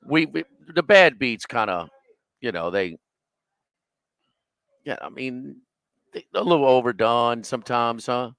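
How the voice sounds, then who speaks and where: A man's voice: medium pitch, animated, unhurried, gravelly, pauses often, fairly bright tone, clean tone, dry recording. Guy co-hosting sports radio, rambly, lots of ums and restarts, dry close sound. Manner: rambling, many restarts and fillers. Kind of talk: casual sports chat. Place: restaurant, live remote broadcast.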